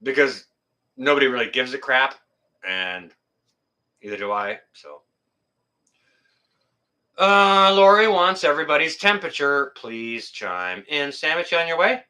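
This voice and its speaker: This middle-aged man from Canada hosts a laid-back livestream, his mid-range voice animated, bright and forceful, unhurried and full of pauses. As he reads viewer comments he rambles, jokes, swears mildly, and laughs at chat.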